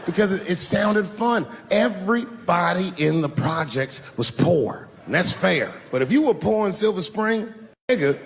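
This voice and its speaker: Stand-up comic, man, forties, animated drawl, live arena mic with a long hall tail. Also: high-pitched. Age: 40s. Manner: storytelling with acted-out dialogue, drawling and swearing. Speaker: stand-up comedian. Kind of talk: stand-up comedy set. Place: large arena stage. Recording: live stage mic, hall reverb, crowd noise. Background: crowd laughter.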